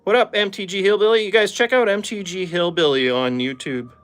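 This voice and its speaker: In a high, clear and resonant voice that's a bit bright, a Calgary native with an Alberta accent talks fairly quickly and with few pauses as he opens trading card packs. He's relaxed, chuckles a lot and keeps chatting with viewers in the chat.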